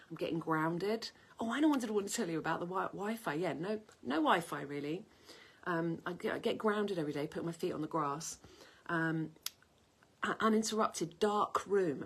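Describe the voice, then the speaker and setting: Talking to camera in a country kitchen, a woman in her fifties who vlogs about health and cooking drifts loosely between stories and off topic. She has a deep, husky voice.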